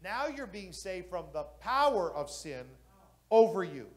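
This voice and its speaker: A male pastor with a high voice preaches with fervor, swinging from hushed storytelling to ringing declarations. He speaks to a congregation in an emphatic sermon style. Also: big pitch swings, measured pace. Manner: impassioned preaching, building to loud exclamations.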